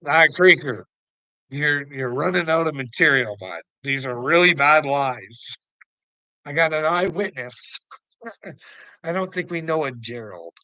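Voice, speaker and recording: A man's voice: a little high, expressive, a little slow, pushed and bright, no echo, low-quality recording. A man delivering a profane, taunting rant to the camera, often breaking into laughter. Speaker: online commentator. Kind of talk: ranting monologue to camera.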